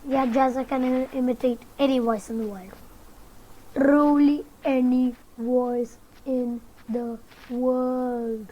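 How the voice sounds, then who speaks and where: A woman hosting a reaction video, making brief, unhurried remarks. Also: high voice, fairly even intonation, muffled recording. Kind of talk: casual reaction commentary.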